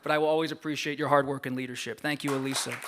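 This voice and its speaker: A man's voice: medium pitch, little pitch movement, very fast, a bit bright, a faint crowd, slight background noise. A man giving a formal, earnest acceptance speech at a gala, reading prepared remarks of thanks from a podium microphone. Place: large gala banquet room.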